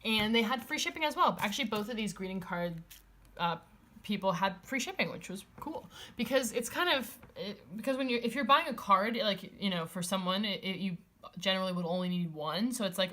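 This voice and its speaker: A woman's voice: medium pitch, animated, moderate pace, bright, forceful tone. A woman in a casual chat, showing off a stationery haul, rambling with many fillers and restarts, and gushing over the items.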